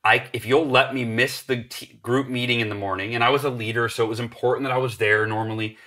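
A man in his forties tells a story with energy, acting out the other people's lines as he goes. His voice is bright and forward, sitting at an ordinary pitch for a man. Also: fairly even intonation, fast. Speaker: podcast guest. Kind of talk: animated storytelling.

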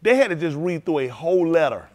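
Male pastor, loose vernacular sermon delivery, moves between low murmurs and loud high exclaiming. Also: sing-song, quick pace. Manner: speaks in informal, vernacular English.

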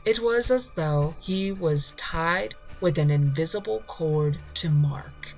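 A woman narrating a horror story in a slow, measured reading. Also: sits low, animated, a little mellow. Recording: reading over faint music.

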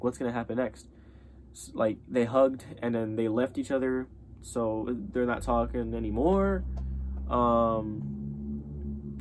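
A man's voice: fairly low pitch, darkish tone, a little hiss or hum. A young man giving a casual spoken review of a TV show, rambling with many fillers and restarts.

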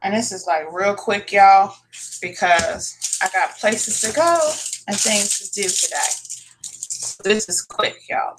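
A woman's voice: medium pitch, animated, takes it slowly, noisy background. Chatty, foul-mouthed woman cooking at home. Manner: chatty, swears freely, addresses viewers as y'all. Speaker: cooking channel host. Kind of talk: casual cooking vlog chat. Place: home kitchen.

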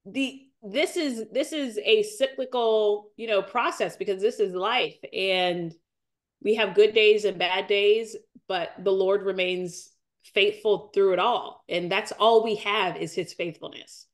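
Woman, 40s, podcast guest; earnest testimony, near tears, phrases repeated for weight. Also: unhurried. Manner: earnest, repeats phrases, rises in pitch as she grows tearful. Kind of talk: emotional faith testimony.

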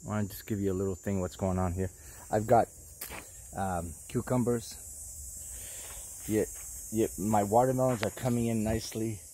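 A man's voice: on the low side, fairly even intonation, normal speed, pauses often, warm tone, far from the mic, slight background noise, poor audio. A man walking through his vegetable garden, talking casually to viewers and drifting into preachy warnings, calling them folks. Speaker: vlogger gardener. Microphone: camera on tripod outdoors.

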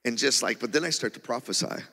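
A man telling a personal testimony from the pulpit in an animated, rambling way, with many restarts. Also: mid-range voice, fast talker, gravelly. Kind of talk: testimony sermon. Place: church auditorium. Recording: long reverb of a church hall.

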